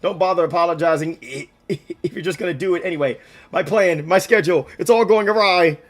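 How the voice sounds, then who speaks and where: A man reading game dialogue aloud, voicing an excitable older male schemer who keeps shouting in exasperated bursts. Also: fast. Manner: shrill, panicked, exasperated outbursts.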